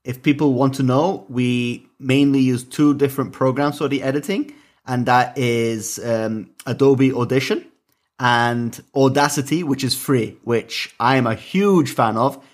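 A man who speaks English as a second language after Italian, co-hosting a podcast in casual chat, measured and explanatory with dry quips. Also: medium pitch. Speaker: podcast co-host and editor.

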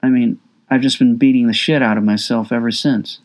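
A man's voice: mid-range voice, fairly even intonation, fairly quick. A man narrating his own memoir as an audiobook, intimate and confessional, with raw emotion in his quoted words.

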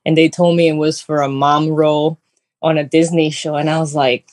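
A woman's voice: low voice, level tone, moderate pace, a little mellow, no echo. Breezy Italian-accented woman guest. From Italy. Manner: breezy, sassy, many fillers. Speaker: guest actress. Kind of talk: casual interview chat. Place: her bedroom. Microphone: phone on video call.

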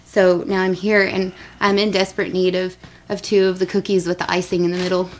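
Woman, game player, blunt, deadpan, lower voice. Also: a little fast, low-quality recording. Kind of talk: improvised role-play.

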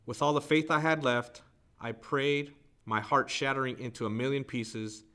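Man, podcast host, mid-range voice, measured reflective reading, faith talk. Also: medium pitch, steady tone, pushed and bright. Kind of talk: reading a poem and a book excerpt aloud.

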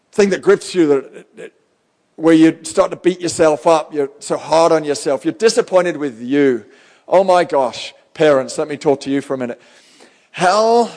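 A male pastor preaches with fervor in a slightly high voice. He swings between loud, urgent lines and hushed ones. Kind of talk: live sermon.

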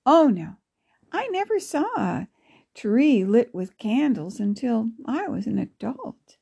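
A woman voicing a kindly grandmother who talks in a gentle, encouraging way. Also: fairly high pitch, sing-song, slow, vocal fry, slightly rough, heavily acted. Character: kindly, warm-hearted grandmother.

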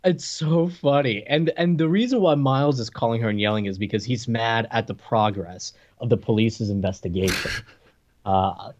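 A man's voice: mid-range voice, moderate pace, highs cut off, background noise. A man co-hosting a podcast, chatting casually and recapping movie scenes with frequent laughter. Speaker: podcast co-host reviewing a movie. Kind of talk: casual chat.

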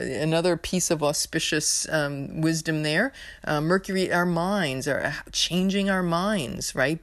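A woman's voice: deep voice, no echo, studio quality. A woman from New York hosting an astrology podcast, talking in a rambling, earnest and emotional way with lots of fillers. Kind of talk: casual spiritual podcast monologue.

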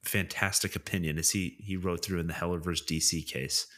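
Deep voice podcast guy, crisp bright tone, steady and deliberate. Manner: steady, deliberate, leads the discussion. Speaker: podcast co-host. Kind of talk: casual chat, explaining political topics.

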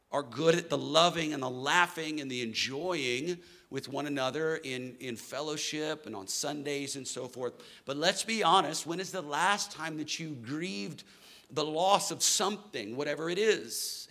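Man, middle-aged pastor, preaching, bright voice, slightly high, shifts between hushed and loud. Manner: animated preaching, swings from soft to loud. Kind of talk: sermon.

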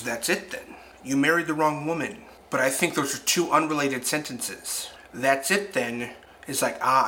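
A man's voice: mid-range voice, bright, forceful tone, slight background noise. A man narrating a casual film review, retelling scenes with reflective asides.

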